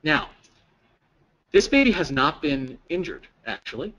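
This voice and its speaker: Man, fairly high voice, training lecture, quizzes the room, repeats answers back. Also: big pitch swings, a little slow, a bit bright, dull audio. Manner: engaging, questions the audience and repeats their answers. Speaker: presenter at a staff training. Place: training room with a live audience.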